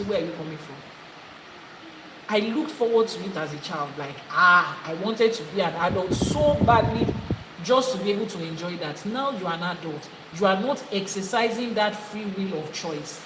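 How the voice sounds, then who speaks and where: A woman's voice: mid-range voice, reverberant, in a large hall, heavy background noise. A woman, a priestess giving a spiritual teaching talk, stressing her points by repeating phrases. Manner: emphatic, repeating phrases for effect.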